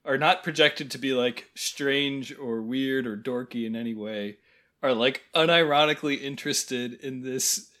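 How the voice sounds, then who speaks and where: Wry deadpan man on a podcast. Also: medium pitch. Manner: wry, deadpan asides with hesitant restarts. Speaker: podcast co-host. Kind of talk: casual film review chat.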